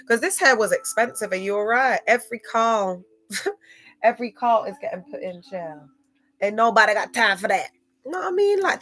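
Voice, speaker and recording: A woman's voice: medium pitch, fairly bright tone. A woman talking to livestream viewers in a loose, slangy, digressive way, drifting between topics. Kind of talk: rambling livestream talk to viewers.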